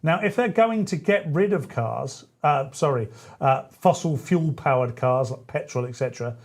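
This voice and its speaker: A man's voice: medium pitch, expressive, normal speed. A man hosting a talk radio show, chatty and rambling, often correcting himself mid-sentence. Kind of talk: casual talk radio chat.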